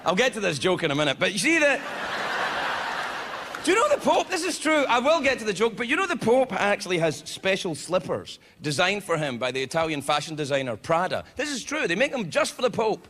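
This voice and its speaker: A man doing a stand-up comedy set, loud, animated and heavily profane in his delivery. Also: high voice, fairly quick. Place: comedy venue before an audience. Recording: live club with crowd and noise.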